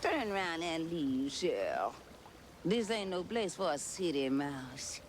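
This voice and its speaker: An actress voicing an ominous old swamp-dwelling mouse who warns strangers away, speaking slowly and foreboding. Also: female voice, low voice, sing-song, slight background noise, full character voice. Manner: slow, foreboding and creaky.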